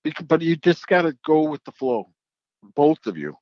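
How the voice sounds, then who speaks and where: A man's voice: on the high side, big pitch swings, moderate pace, no echo, dull audio. A man who works as a drag racing track announcer, telling stories in a casual podcast chat and acting out the voices of the people he quotes.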